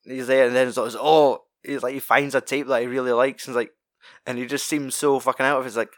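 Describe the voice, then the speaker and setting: A man recaps a film in casual, profanity-laced chat, wandering from thought to thought and laughing along the way. His voice sits at an ordinary middle pitch and is recorded close and dry, with no room sound. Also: little pitch movement, fast talker, no room sound. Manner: sweary, rambling, laughs often.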